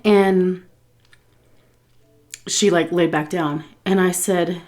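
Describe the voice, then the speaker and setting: Sex: woman. Origin: from Texas. Style: eating story time. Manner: chatty, animated, with soft food asides. Pitch: middle. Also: extremely slow, pauses often. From Texas, USA. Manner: chatty, animated retelling with quoted dialogue; eats between sentences, soft asides. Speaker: food vlogger.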